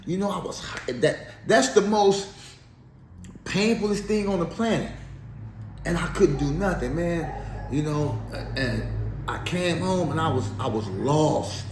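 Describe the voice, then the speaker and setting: Animated man telling a slangy story. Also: on the high side, a little slow. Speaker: interview guest. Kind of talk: casual storytelling interview. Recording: echoey room, faint background noise.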